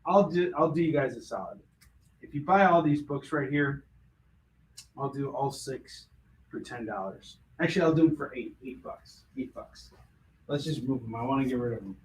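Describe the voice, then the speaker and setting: A man's voice: mid-range voice, normal speed, slight background noise. A man running a live comic book sale, full of puns and jokey sales patter.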